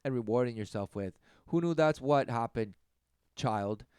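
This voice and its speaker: Sarcastic man preaching, clear dry voice. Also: moderate pace, a little mellow, dry recording. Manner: mocking, mimics others in high sarcastic voices. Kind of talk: sermon rant.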